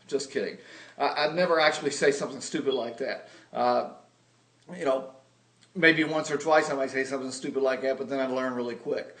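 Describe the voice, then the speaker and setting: A man's voice: medium pitch, steady tone, brisk, fairly bright tone, echoey room. A man giving a humorous, self-deprecating sales lesson, telling stories with comic exaggeration. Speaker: video blogger teaching sales.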